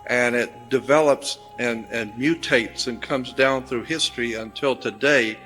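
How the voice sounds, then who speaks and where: Bright-voiced man explaining slowly. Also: mid-range voice, soft background music. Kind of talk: explanatory lecture.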